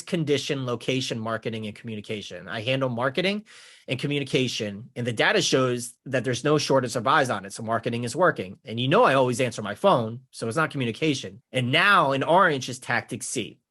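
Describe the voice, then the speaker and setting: A man coaching real estate agents on negotiation, energetic and casual, mimicking clients with playful chatter. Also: medium pitch, fairly quick. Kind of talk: teaching with slides.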